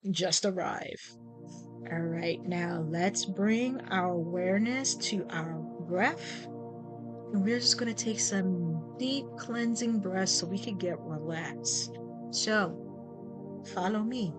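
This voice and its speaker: Woman meditation guide, unhurried and soothing, mid-pitched voice, new-age music clearly underneath. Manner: slow, soothing, gently instructive. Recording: music playing behind the voice.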